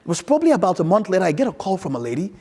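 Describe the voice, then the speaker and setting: A man giving a conference keynote on stage, telling an anecdote in an animated way and acting out both sides of the conversation. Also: high-pitched, racing, noisy background. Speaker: keynote speaker.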